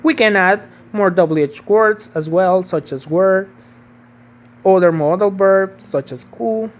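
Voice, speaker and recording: A woman's voice: medium pitch, slow. Woman teaching English grammar. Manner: patient, checks in with "okay?" and "right?". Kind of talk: online grammar lesson.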